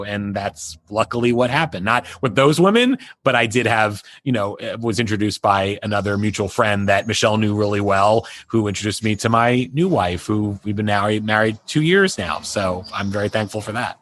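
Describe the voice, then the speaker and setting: A man's voice: lowish voice, normal speed, few pauses, fairly bright tone. A middle-aged man, a guest on an interview show, telling a personal story in a rambling way full of "you know" and restarts. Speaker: interview guest, entertainment publicist.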